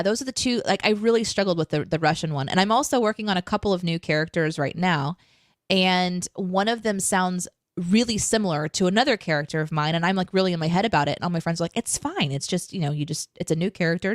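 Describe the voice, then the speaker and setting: A woman's voice: on the low side, no room sound, clean studio sound. A woman co-hosting a casual live chat show, chatty and self-deprecating, laughing often. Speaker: co-host.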